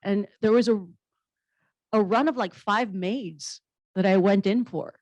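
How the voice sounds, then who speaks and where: A woman's voice: medium pitch, a little slow, a little mellow, no echo, low-quality recording. A woman comedian and actress on a panel, telling stories in a blunt, humorous, candid way and swearing casually. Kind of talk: candid conversational storytelling.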